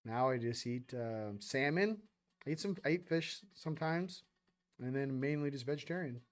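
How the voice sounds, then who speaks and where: A man's voice: mid-range voice, animated, normal speed. A man hosting a casual spiritual chat show, rambling between topics in a slangy, offhand way. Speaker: host.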